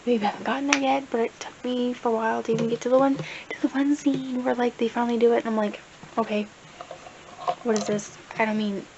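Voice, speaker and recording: This young woman's voice sits on the high side, steady yet darkish, and she talks fairly quickly. She's a book vlogger rambling casually about what she's read, full of fillers, captured by a camera mic with dull, hissy lo-fi sound.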